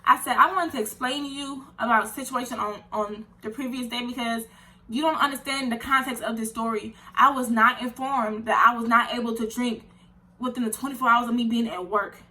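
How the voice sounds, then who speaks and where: A young woman, telling an animated, indignant storytime vlog full of slang. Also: a little high, fairly quick. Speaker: vlogger.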